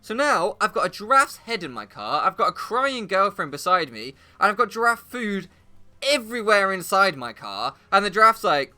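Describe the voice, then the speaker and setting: A man's voice: sits high, very animated, moderate pace, pushed and bright, soft background music. A man doing comedic, rambling commentary while he plays, swearing often and laughing at his own jokes. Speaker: gaming YouTuber.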